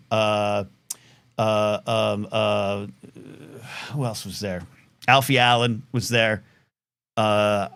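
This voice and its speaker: A man's voice: mid-range voice, fairly bright tone. A middle-aged man hosting a live call-in talk show, telling rambling stories with lots of fillers and restarts.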